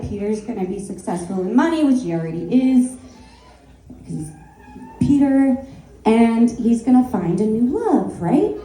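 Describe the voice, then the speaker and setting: A woman in her thirties tells stories on stage in a high, mellow voice. She takes her time and acts out the voices of the people in her stories. Her stage mic picks up a roomy club sound. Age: 30s. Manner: conversational storytelling, acting out voices. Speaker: stand-up comedian. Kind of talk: stand-up comedy set.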